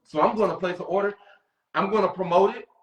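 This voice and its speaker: A man's voice: sits high, fairly even intonation, quick pace, reverberant, lo-fi sound, a loud crowd. A man hosting a casual livestream interview, enthusiastic and affirming, laughing readily. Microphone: video call.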